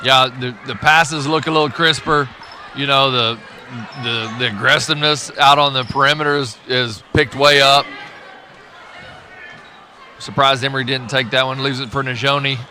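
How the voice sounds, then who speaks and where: A man, announcing a high school basketball webcast and interviewing a coach, eager and quick to agree. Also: steady tone, bright, forceful tone, a little hiss or hum. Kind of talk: play-by-play and interview hosting. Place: gym during a game.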